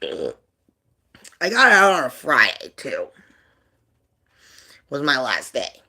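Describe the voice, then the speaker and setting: A man hosting a livestream, telling a personal story in a rambling, halting way with many fillers, subdued and emotional over painful memories. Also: medium pitch, wildly swooping pitch, creaky, pushed and bright. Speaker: livestream host.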